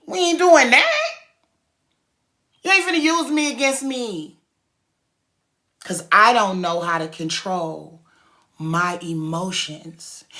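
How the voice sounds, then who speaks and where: A woman with a mid-range, sharp voice, who runs a cookie business and gives talks, offers casual motivation in everyday slang. She's emphatic and preachy, going over the same points repeatedly.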